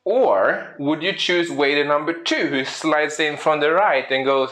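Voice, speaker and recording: A man's voice: fairly high pitch, unhurried, hardly any pauses. A man, a speaker and coach, giving a storytelling presentation, asking the audience questions and acting out little scenes. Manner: lively, acts out little scenes in quoted voices.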